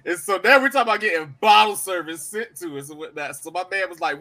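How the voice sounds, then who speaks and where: A young adult man and podcast co-host telling a story in casual chat, animated and laughing. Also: high voice, fast talker.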